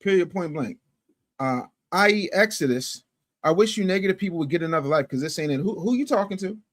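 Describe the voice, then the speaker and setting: Animated male livestream host. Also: a little fast. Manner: animated, swings from loud to low and muttered; emphatic, repeats phrases for effect. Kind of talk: casual livestream commentary, reading chat.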